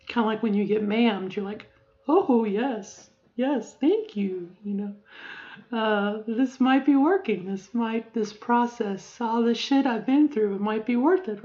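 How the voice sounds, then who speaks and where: A middle-aged woman speaks in a rambling, reflective way, circling back with fillers and restarts as she records a personal video diary. Her voice sits at a middling pitch. The audio is a little dull and lo-fi. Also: a little mellow. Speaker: vlogger.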